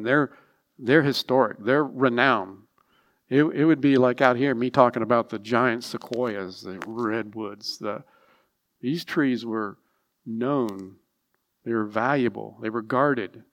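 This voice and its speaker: A man preaching a sermon with emphatic, repetitive phrasing and frequent restarts, sometimes dropping into a quiet aside. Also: mid-range voice. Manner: drops to a soft, near-whispered aside at times. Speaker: pastor.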